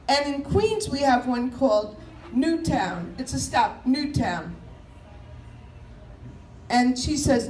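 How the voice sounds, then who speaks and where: A high-pitched woman tells chatty stand-up stories, slipping into impressions of people and subway announcers. She is recorded in an echoey room, with a faint hiss underneath. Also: a little slow, darkish tone. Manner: chatty, storytelling, mimics voices and announcements. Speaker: comedian. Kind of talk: stand-up comedy set.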